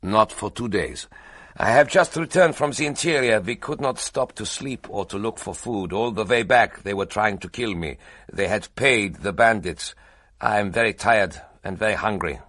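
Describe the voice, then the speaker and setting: A man's voice: on the low side, normal speed, a bit bright, no room sound, voice pushed up. A man voicing a large, tired and hungry German man with a strong German accent, speaking stiffly and formally. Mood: weary formal. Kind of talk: audiobook character voice.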